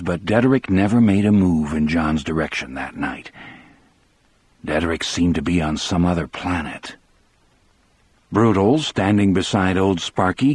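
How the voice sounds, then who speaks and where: A man narrating an audiobook in the first person with a measured, steady delivery. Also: deep voice, slightly rough, dry recording.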